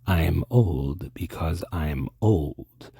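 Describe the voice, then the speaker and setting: A man doing an impression of an eerie, menacing older mystery man from a film, speaking slowly in a hushed, drawn-out way. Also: low-pitched, creaky, slightly rough, dry recording, clean studio sound, heavily acted. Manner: slow, hushed, drawn-out delivery.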